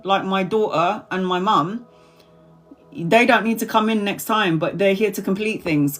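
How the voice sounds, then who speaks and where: A woman's voice: mid-range voice, fairly bright tone. A woman in her forties, a tarot reader chatting casually to subscribers on a livestream, rambling, repeating herself and laughing often. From Brazil. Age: 40s.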